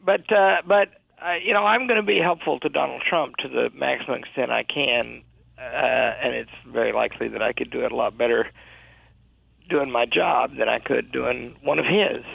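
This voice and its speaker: Guest guy on the phone, tinny, gravelly voice, lots of um and uh. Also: mid-range voice, no room sound. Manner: hesitant, halting, many fillers and restarts. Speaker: college president, guest. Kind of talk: radio interview. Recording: phone-line audio.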